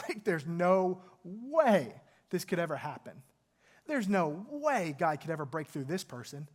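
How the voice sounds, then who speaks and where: A man's voice: high-pitched, sing-song, unhurried, slightly rough. A male pastor preaching a sermon, retelling a scripture story in an earnest, emphatic way.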